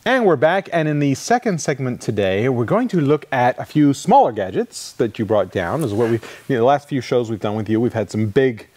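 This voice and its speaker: A man's voice: medium pitch, sing-song, fairly quick, hardly any pauses, darkish tone, dry recording. A man hosting a casual gadget review chat, jokey and rambling. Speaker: podcast host.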